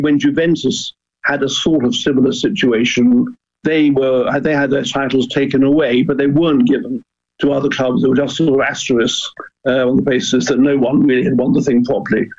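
A man's voice: medium pitch, a little mellow, breathy edge, dull audio. An older man speaking earnestly as a radio interview guest, stopping and restarting often. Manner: earnest, halting with many restarts. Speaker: guest, former club chairman.

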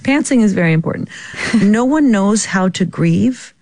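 A woman being interviewed about her work, telling stories in an animated way and laughing often. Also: medium pitch, moderate pace. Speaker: guest actress. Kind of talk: casual interview chat.

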